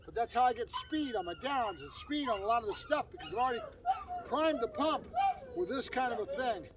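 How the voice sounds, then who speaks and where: A man's voice: very high voice, huge pitch swings, fairly quick, far from the mic, background noise. A man working as a dog trainer, explaining a training session outdoors while praising his dog. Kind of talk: casual training demonstration. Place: outdoors on a property.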